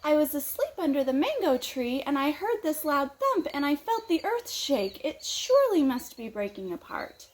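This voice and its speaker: A woman's voice: high voice, sing-song, moderate pace, hardly any pauses, slight background noise, pitched above the performer's own voice. A woman voicing a frightened little male rabbit in a storytime tale for children. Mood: panicked.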